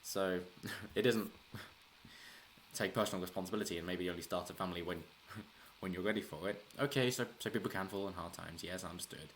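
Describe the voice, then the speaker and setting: In this casual solo political commentary, the male channel host wanders from point to point, frequently starting over and chuckling mid-sentence. He has a low-pitched, slightly bright voice and keeps a moderate pace, with a little background noise present.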